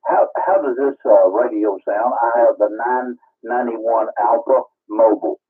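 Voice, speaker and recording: A man's voice: medium pitch, normal speed, husky. A man calling in to a ham radio net, easygoing and joking in casual chat. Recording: tinny radio transmission.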